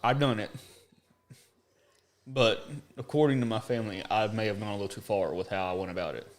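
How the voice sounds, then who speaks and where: A man co-hosting a casual podcast, telling a story with lively, animated delivery and high put-on voices for the people in it. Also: brisk. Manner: animated, jumps up in pitch when acting out other people. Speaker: podcast co-host.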